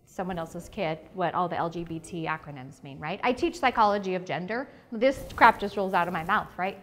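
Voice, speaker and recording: A woman presenting at a conference, talking frankly and chatty, with jokes, as a psychology teacher. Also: medium pitch. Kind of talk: candid conference talk. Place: conference breakout room.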